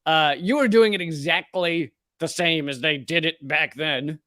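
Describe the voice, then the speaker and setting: A man's voice: on the high side, measured pace, bright, forceful tone, no room sound, clean studio sound. A male comedian hosting his show, ranting with profanity and sarcastic mockery. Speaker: comedian host. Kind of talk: ranting political commentary.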